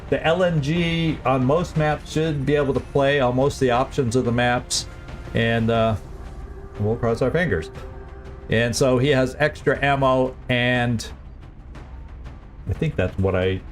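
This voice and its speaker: A man's voice: medium pitch, unhurried, pauses often, soft background music. Chatty, laughing male game streamer. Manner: chatty, laughs often, self-deprecating. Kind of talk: casual let's-play commentary.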